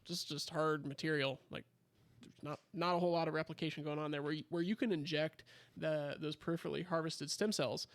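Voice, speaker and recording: A man's voice: fairly high pitch, fairly even intonation, fairly quick. A man, a pharmacist on a podcast, explaining health topics casually with many fillers. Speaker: pharmacist guest.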